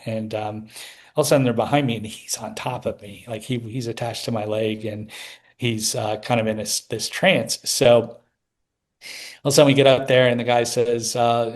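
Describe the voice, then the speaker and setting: A middle-aged man telling a personal story as an interview guest, rambling with many restarts. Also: medium pitch.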